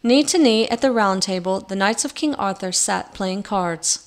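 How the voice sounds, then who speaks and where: Woman narrator for a storybook reading, measured and expressive, mid-range pitch.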